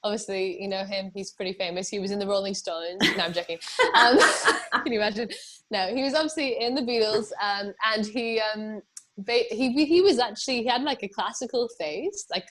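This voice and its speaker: Jeune Anglaise bavarde, voix médium, accent britannique, récit décousu. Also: female voice, mid-range voice, brisk, a bit bright. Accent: British English. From England. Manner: chatty, rambling with many fillers and laughs. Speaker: musician guest. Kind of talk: casual interview chat.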